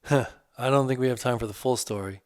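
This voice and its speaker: A man voicing a divorced man in middle age opening up earnestly about an old hurt, in casual, halting speech. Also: medium pitch, no room sound, studio quality, close to an everyday voice.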